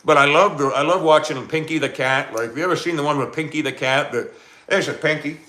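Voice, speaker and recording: A man's voice: on the high side, quick pace, pushed and bright. A man hosting a casual live stream, laughing often and talking straight to his chat. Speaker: livestream host.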